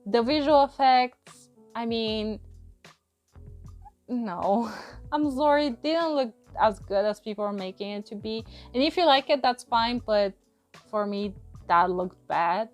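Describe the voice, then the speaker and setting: A woman with a slightly high voice talks through a film review in a loose, rambling way, often exasperated, laughing and restarting her sentences. Faint music plays under her voice. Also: expressive, a little slow. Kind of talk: casual spoken movie review.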